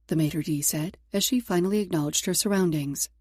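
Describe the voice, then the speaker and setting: A woman narrates a romance audiobook in a steady, even delivery. Her voice is mellow and warm, recorded close and dry with no room sound. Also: lowish voice, a little fast, husky, no room sound. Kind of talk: scripted narration.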